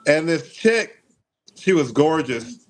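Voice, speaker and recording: A man's voice: a little high, big pitch swings, takes it slowly. A man from Michigan, a comedian guest, telling casual, profane stories on a podcast, leaning on "like" and "uh". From Michigan, USA. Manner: loose, profane, leans on "like" and "uh".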